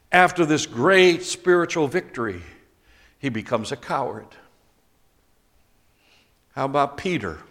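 A middle-aged man preaching a sermon as pastor, slow and emphatic, bursting into loud quotations now and then. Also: mid-range voice, big-room sound.

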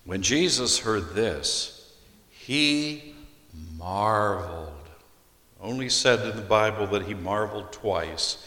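A man preaching an expository sermon as a pastor, deliberately reading scripture aloud and explaining it. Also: on the low side, expressive, bright, forceful tone. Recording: echoey hall with long reverb.

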